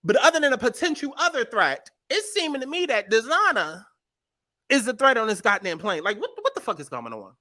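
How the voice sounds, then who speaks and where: A young woman hosting a comedic commentary show, riffing in an animated, profane, exasperated way. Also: fairly high pitch, brisk. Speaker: host.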